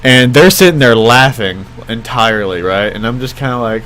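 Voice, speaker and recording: A young man casually telling a story on his vlog, rambling with lots of fillers and jumping his pitch when he quotes people. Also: expressive, normal speed, few pauses, fairly bright tone. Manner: rambling, many fillers like "like" and "I mean"; acts out quoted voices with jumps in pitch. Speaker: vlogger.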